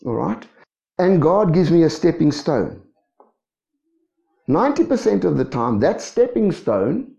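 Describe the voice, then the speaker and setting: A man preaching a sermon, asking the congregation rhetorical questions in a lively way. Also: fairly high pitch, vocal fry. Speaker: pastor. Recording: echoey dull room sound.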